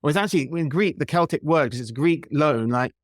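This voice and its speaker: A British man talking as a podcast guest in a lively, opinionated way, with many restarts. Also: a little high, a little fast, no room sound, clean studio sound. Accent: British English. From Britain. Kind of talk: casual interview chat.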